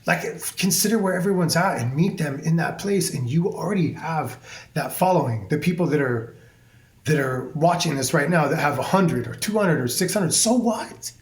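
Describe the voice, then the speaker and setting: A hairstylist appears as a guest in a podcast conversation, speaking intensely and emphatically and swearing freely. His voice is a little high and expressive at a normal speed, and the recording carries a roomy echo.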